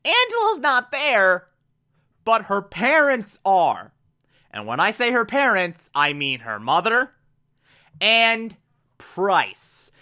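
A man's voice: sits high, huge pitch swings, takes it slowly, bright, forceful tone. A man casually recapping a TV episode in a loose, conversational way, filling gaps with "like". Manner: loose, conversational with frequent "like" fillers.

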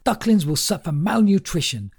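A man doing a shrill manic ranter. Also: sing-song, normal speed, gravelly, a little mellow, husky, full character voice. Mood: manic ranting. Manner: shrill furious ranting. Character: manic half-naked man ranting at children.

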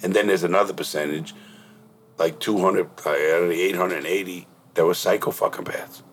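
A man's voice: low-pitched, steady tone, fairly quick, a little hiss or hum. A middle-aged man hosting a podcast, telling blunt, profane stories in casual interview chat. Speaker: podcast host.

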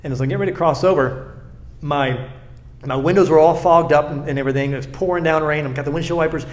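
A man's voice: a little high, fast. A man, a pastor from South Florida, talking in an interview in an earnest way and often repeating words as he makes a point. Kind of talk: conversational storytelling interview.

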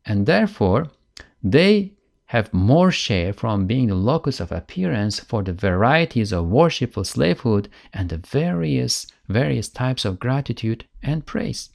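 A man teaches in an earnest religious lecture, pressing each point with emphasis. His voice is mid-pitched with a gravelly, creaky texture. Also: sing-song, measured pace.

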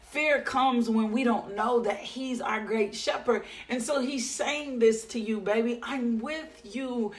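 A woman preaching a devotional sermon in a rhythmic, repetitive style with drawn-out phrases. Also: a little high.

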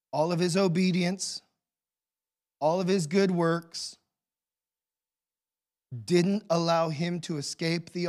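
A man preaching a sermon as pastor, telling the story with swings between hushed and loud emotional delivery. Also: a little high.

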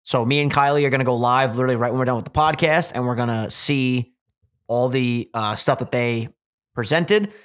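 A young man hosting a casual podcast, animated and swearing freely, acting out quotes as he tells stories. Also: mid-range voice, brisk, clean tone. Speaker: podcast host.

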